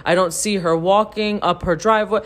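Animated, profane woman telling a story. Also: medium pitch, brisk. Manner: animated, profane, heavy use of "like". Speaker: podcast co-host. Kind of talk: casual storytelling to listeners.

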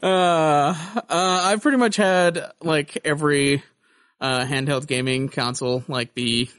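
A man's voice: a little high, slow pace, a bit bright, clear, resonant tone, dry recording, studio quality. A young man co-hosting a gaming podcast, rambling casually with many fillers. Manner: rambling with lots of uh and like. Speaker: podcast co-host. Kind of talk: casual chat.

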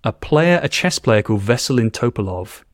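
A man's voice: medium pitch, animated, moderate pace, no echo. A man with a posh British accent, a podcast guest chatting articulately with a dry sense of humor. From England. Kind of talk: casual interview chat.

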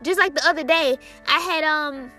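A young woman, casually sharing a Christian testimony in an excited, chatty way, with many fillers and quoted dialogue. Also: sits high, normal speed, faint music behind.

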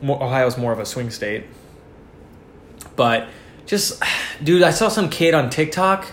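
Animated profane young man in an echoey room. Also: mid-range voice, measured pace, a little hiss or hum. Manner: profane, animated storytelling with acted-out outbursts. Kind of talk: casual podcast chat.

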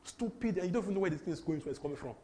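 A young man from Nigeria with a Nigerian English accent, preaching a lively sermon that repeats phrases and slips into pidgin. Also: a little high, very fast, a little hiss or hum. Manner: animated, repetitive, breaks into laughter and pidgin.

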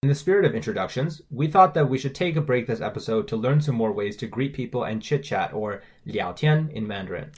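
A man's voice: medium pitch, animated, fast, hardly any pauses, a little mellow. A man co-hosting a scripted language-lesson podcast, carefully explaining pronunciation and tones. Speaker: podcast co-host.

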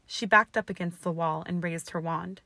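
Lady reading fanfic out loud, expressive, kinda low, no room echo. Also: moderate pace. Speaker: narrator. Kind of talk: fan fiction reading.

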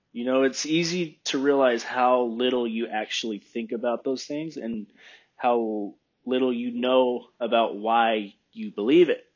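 Slow, rambling man thinking aloud. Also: mid-range voice, muffled recording. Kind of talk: casual opinion monologue.

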